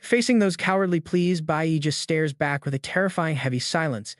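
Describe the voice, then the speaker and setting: A man's voice: fairly high pitch, brisk, dry recording, studio quality. A man narrating a comic recap in a dramatic, emphatic storytelling manner.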